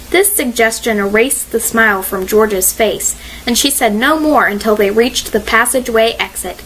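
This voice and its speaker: A woman narrating a mystery audiobook in a measured, expressive reading style. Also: a little high, slight background noise, low-quality recording.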